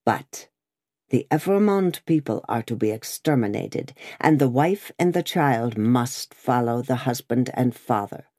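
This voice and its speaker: A woman's voice: rumbling low, expressive, mellow, no echo, clean studio sound, heavily acted. A woman voicing a stern, vengeful revolutionary woman. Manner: stern, cold, deliberate.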